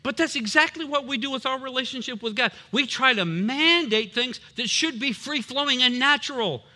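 A man's voice: very high-pitched, normal speed, bright, forceful tone. A man preaching a sermon as a pastor, emphatic and punchy, with humorous asides.

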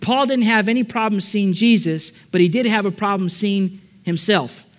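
A man's voice: sits high, normal speed. A man preaching a sermon in a church, telling a story casually and then building to emphatic, repeated lines. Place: church with a balcony.

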